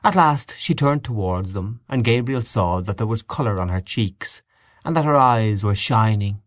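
Low-voiced man reading a story. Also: lively intonation, moderate pace, dry recording, studio quality. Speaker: audiobook reader. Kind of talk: scripted narration.

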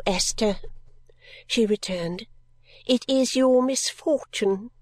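A woman narrating a story in the first person, reading in a gentle, measured way. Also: lowish voice, no echo. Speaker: audiobook reader.

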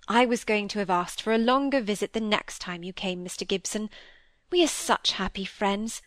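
A woman reading aloud, voicing a kindly, genteel lady of the manor with a gentle, coaxing manner. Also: mid-range voice, normal speed, dry recording, lightly acted.

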